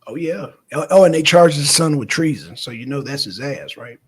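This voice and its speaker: Brief: male host, casual news banter, needling, husky tone. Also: a little high, normal speed. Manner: animated, needling, swears casually. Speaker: show host.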